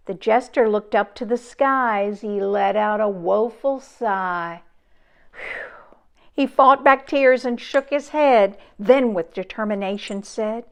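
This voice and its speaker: A woman reading a rhyming storybook aloud in an expressive, sing-song way. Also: medium pitch, slow pace, creaky.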